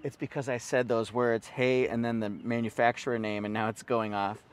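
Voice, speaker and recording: A man's voice: mid-range voice, little pitch movement, normal speed, faint music behind. A man presenting a car walkaround review for a dealership, upbeat and salesy as he points out one feature after another.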